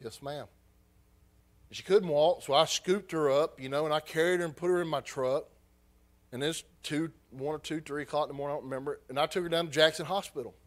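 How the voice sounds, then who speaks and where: A man, a missionary preacher giving an emotional personal testimony, halting and repeating his words. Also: fairly high pitch, steady tone.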